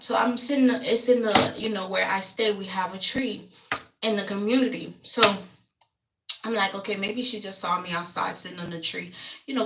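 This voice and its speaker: A woman chats on a livestream in a rambling, animated way and acts out what people said in her story. Her voice is bright and forward. The room around her sounds echoey. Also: medium pitch. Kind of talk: casual storytelling monologue.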